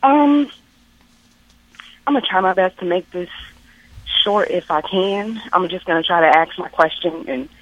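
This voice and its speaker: A woman calling a radio counseling show, speaking haltingly with many fillers and close to tears. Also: fairly low pitch. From Texas. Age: adult. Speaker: caller. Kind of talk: call-in radio conversation. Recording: muffled phone-line call.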